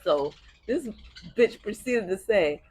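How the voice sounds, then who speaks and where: A woman with a husky voice tells a personal story in casual conversation. Her delivery is blunt and profane, with a lively pitch that swoops up and down. The sound is close and dry. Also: slow, no echo. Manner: blunt, profane, animated retelling with bursts of laughter. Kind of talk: casual story time chat.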